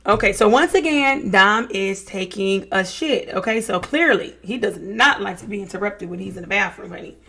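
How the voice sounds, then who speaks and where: A woman's voice: mid-range voice, moderate pace, pushed and bright. Young woman, reaction vlogger, casual chatty commentary, sassy asides, reads texts aloud. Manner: chatty, sassy asides with terms like baby and honey; reads text messages aloud and comments on them. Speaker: true-crime reaction vlogger.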